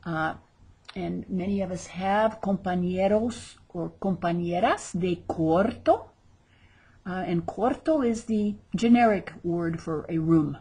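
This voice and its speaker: Very husky-voiced woman teaching slowly. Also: lowish voice, mellow. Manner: drills words slowly, repeating each with exaggerated pronunciation; chatty asides between drills. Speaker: Spanish teacher. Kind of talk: recorded vocabulary lesson.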